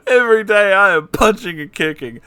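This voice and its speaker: A man's voice: sits high, animated, a little fast, pushed and bright, clean tone, dry recording, voice pushed up. A man voicing a boastful male cartoon cat rock star in a sing-song, swaggering chant. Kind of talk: comic sung reading.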